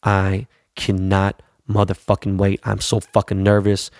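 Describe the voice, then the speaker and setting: A man's voice: sits low, completely flat delivery, measured pace, a little mellow, dry recording, clean studio sound. A man chatting casually about his weekend in a slangy, profane, rambling way. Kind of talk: casual chat.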